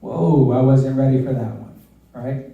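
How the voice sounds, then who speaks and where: A man's voice: medium pitch, fairly even intonation, a little slow, phone-quality sound. A man, a youth pastor, preaching a sermon, telling a personal story in an earnest way and often asking "right?". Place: church service. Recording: echoey hall, voice from far off.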